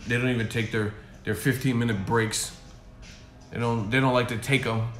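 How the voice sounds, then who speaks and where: A man's voice: mid-range voice, fairly even intonation, normal speed, a bit bright, soft background music. A man ranting on a stream in a profane, mocking way from a hotel room. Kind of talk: casual rant. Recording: echoey room.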